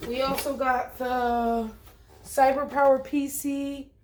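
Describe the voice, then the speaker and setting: A woman's voice: high-pitched, little pitch movement, slow, background noise. A woman talking casually to viewers while unboxing, chatty and informal, calling them guys and y'all. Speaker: vlogger.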